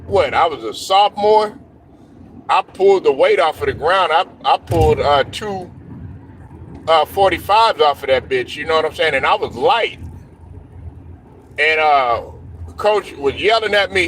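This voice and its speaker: A man's voice: fairly high pitch, moderate pace, a bit bright, a little hiss or hum. A young man hosting a casual sports talk show, telling stories loosely with slang, cursing and laughs.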